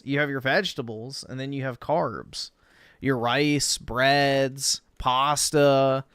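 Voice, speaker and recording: A man's voice: mid-range voice, a bit bright, no room sound, studio quality. A man chatting casually on a stream, giving blunt, matter-of-fact opinions with some swearing. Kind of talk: casual chat.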